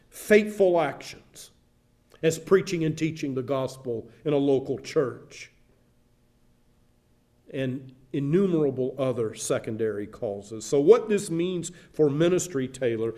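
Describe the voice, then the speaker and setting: Mellow-voiced older male pastor preaching. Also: fairly high pitch. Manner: earnest, building emphasis through repetition. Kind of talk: sermon. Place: church sanctuary.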